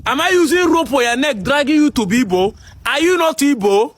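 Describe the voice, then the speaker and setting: Nigerian guy ranting at his viewers, super high voice, lots of angry rhetorical questions. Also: expressive, fairly quick, no echo. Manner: combative, rhetorical questions, shouting at times. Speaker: commentary video host. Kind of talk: heated commentary monologue.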